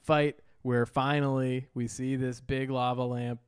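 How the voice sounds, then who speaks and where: Smooth-voiced man in thoughtful casual chat. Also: mid-range voice, level tone, unhurried, dry recording, studio quality. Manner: thoughtful, hedging, many fillers. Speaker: podcast co-host.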